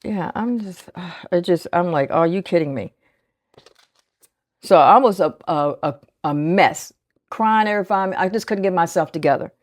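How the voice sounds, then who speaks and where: Woman, 60s, low voice, dry close sound, casual vlog chat, counts cash under her breath. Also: normal speed, dry recording. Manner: chatty, thinks aloud, counts bills under her breath. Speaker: budgeting vlogger.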